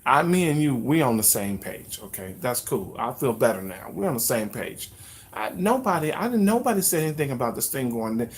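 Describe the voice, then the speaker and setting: A man talks straight to his livestream viewers in a loose, conversational way. He gets animated and slips into mock news-announcer bits with lively energy. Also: medium pitch, normal speed. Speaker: livestream host. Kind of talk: casual livestream chat.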